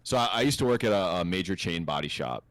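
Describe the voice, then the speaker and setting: A man with a very low voice tells a story with lots of swearing and laughter. He is a casual podcast host who gets animated at the funny parts. The recording is dry and close. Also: quick pace, dry recording. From North America.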